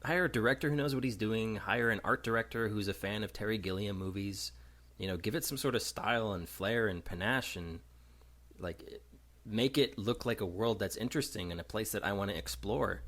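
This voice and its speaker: A man with a fairly low voice co-hosts a casual movie podcast. He rambles through his points, piling on emphasis, and laughs a lot. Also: brisk, fairly bright tone. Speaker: podcast co-host.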